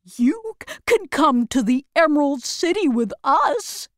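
A woman's voice: sits high, very animated, a little slow, no room sound, studio quality, pitched above the performer's own voice. A woman doing a kind, helpful scarecrow. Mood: reassuring. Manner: friendly, reassuring.

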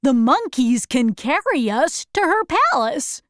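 A woman doing a soft, gentle tin man. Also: high-pitched, very animated, slow pace, no echo, studio quality, pitched above the performer's own voice, exaggerated voice.

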